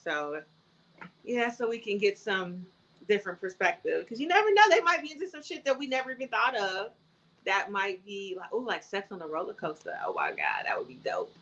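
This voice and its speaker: A woman's voice: mid-range voice, sing-song, fairly quick, fairly bright tone, lo-fi sound. A woman co-hosting a podcast in casual chat, blunt and joking, swearing freely. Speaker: podcast co-host.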